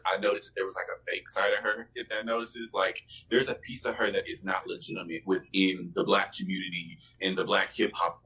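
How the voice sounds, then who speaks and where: A male podcast co-host speaks in a somewhat low voice. He lays out his opinions firmly and at length in a relaxed chat, and he keeps returning to the same stock phrase. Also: low-quality recording. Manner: opinionated, repeats "at the end of the day". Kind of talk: casual chat.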